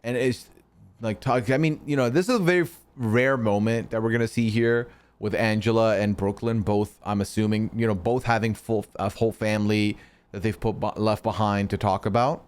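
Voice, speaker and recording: A young Canadian man hosts a casual live stream in a lowish, steady, smooth voice at a moderate pace. He answers his chat and teases trolls, swearing now and then.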